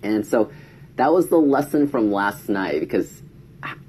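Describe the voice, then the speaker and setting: A man's voice: on the low side, big pitch swings, a little slow, a little mellow, a little hiss or hum. A man telling a casual story to camera, chatty, acting out quoted lines in a raised voice. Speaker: vlogger.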